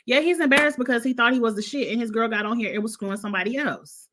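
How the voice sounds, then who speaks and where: A woman's voice: fairly high pitch, racing, bright, forceful tone. A woman hosting a casual live-chat recap show, talking in a blunt, gossipy, opinionated way. She is a bit congested from allergies and coughs now and then. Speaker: host.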